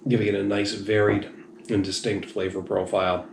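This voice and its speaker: Gravelly low-voiced man, rambling and frank. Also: little pitch movement, moderate pace. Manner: rambling, frank, self-deprecating. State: slightly tipsy. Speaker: beer reviewer. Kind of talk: casual review monologue. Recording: echoey room, faint noise.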